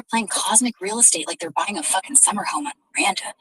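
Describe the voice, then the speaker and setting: A woman's voice: mid-range voice, fast talker, fairly bright tone, slightly rough, rough recording. A female synthetic assistant voice in a car, bantering in a crude, gleefully vulgar and over-the-top way. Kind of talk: unhinged profane banter.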